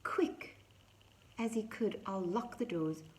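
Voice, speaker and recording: A teacher reading a picture book aloud to young children, expressive and gently animated. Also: female voice, medium pitch, slow, slight background noise, poor audio. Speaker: primary school teacher.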